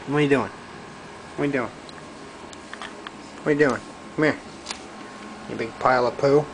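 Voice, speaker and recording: A man filming his pet cat at home, coaxing and teasing it, shifting between loud urging and soft baby-talk whispers. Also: medium pitch, fairly even intonation, moderate pace, a little hiss or hum, poor audio.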